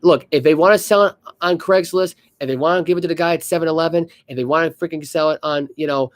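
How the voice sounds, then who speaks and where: A man co-hosting a casual sports podcast, ranting with animated energy and stumbling as he reads news aloud. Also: a little high, quick pace. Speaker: podcast co-host.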